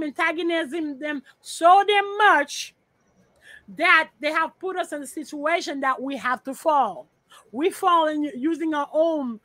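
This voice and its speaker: A woman's voice: sits high, pushed and bright, no echo. A woman guesting on a podcast over a remote call, talking bluntly with profanity and repeating her points. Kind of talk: casual podcast chat.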